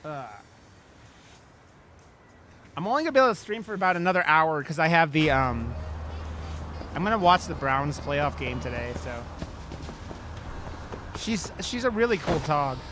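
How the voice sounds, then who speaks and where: A man streams a video game and chats casually with his viewers, calling them out by name. His voice rises and falls a lot as he talks. Clear game music plays behind him the whole time. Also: on the high side. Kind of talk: casual live-stream chat. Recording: game music playing under the voice.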